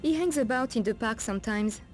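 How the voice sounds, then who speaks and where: A woman's voice: on the high side, animated, fairly quick, darkish tone, soft background music, close to an everyday voice. An actress playing a wary streetwise woman of the night streets, with a French accent and French endearments, guarded and cautioning.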